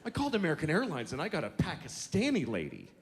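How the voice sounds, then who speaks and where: A man's voice: fairly high pitch, wildly swooping pitch, fast. A male stand-up comedian doing a set on stage, profane, exasperated and mocking. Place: theater stage. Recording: big hall with a loud, laughing crowd.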